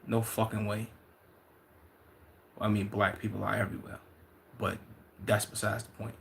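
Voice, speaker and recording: Young dude streaming, low gravelly voice, swearing and hyped, lots of restarts. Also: male voice, normal speed, long pauses, a little hiss or hum. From Chicago. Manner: loose, profane, excitable banter with repeated restarts. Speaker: livestreamer reading chat. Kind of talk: casual livestream chat.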